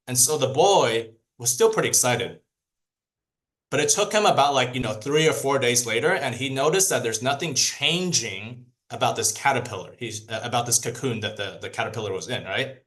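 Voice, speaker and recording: A man's voice: medium pitch, expressive, moderate pace, a bit bright. A man giving a motivational training talk to his team in a casual, rambling way, full of fillers and restarts.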